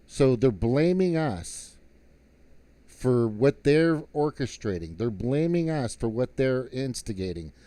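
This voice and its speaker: A man's voice: medium pitch, expressive, slow, dark tone, no room sound. A man on a live stream, telling a rowdy story in casual, profane talk that turns into a heated political rant.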